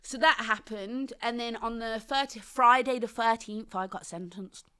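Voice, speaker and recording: A woman, telling her life story as a guest on an interview show in animated, slangy talk, acting out the people she quotes. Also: on the high side, moderate pace, clean tone. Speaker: podcast guest.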